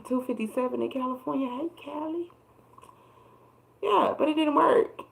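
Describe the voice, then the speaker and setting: A woman's voice: high-pitched, normal speed, vocal fry, a little hiss or hum, poor audio. A woman giving a casual, emphatic tarot reading on a livestream, with plenty of swearing and repeated words for emphasis. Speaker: tarot reader.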